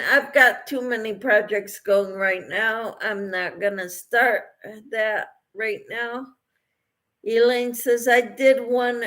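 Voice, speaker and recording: A woman's voice: on the high side, fairly bright tone. A woman hosting a casual crochet livestream, reading viewer comments aloud and answering them, tired late at night.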